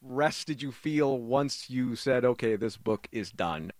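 A man's voice: mid-range voice, lively intonation, unhurried, no echo, clean studio sound. A man hosting a public radio interview, asking curious questions in a conversational way.

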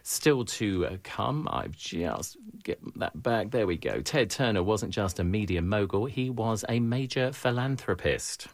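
Deep-voiced male radio host. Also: expressive. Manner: measured, polished announcer delivery. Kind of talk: public radio interviewing and announcing.

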